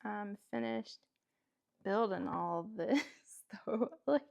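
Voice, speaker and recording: Slow, gravelly-voiced woman chatting. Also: mid-range voice, a little mellow. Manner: chatty, rambling, lots of fillers and self-talk; laughs often. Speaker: host. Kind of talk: casual chat while building a toy kit. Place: at home.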